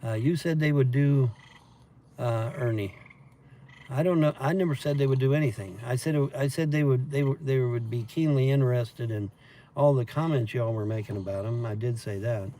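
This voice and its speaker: Man hosting a casual livestream, mellow and low-key, swearing freely, light room noise. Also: normal speed. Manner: profane, meandering storytelling with laughs. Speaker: livestream host reading chat. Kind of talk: rambling casual livestream chat.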